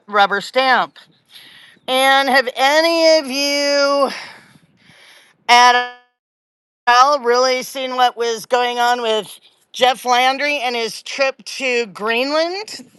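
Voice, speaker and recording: A woman's voice: high-pitched, fairly bright tone, smooth, no echo. A middle-aged woman from Louisiana hosting a live political commentary stream, chatty and sarcastic, with many fillers and restarts.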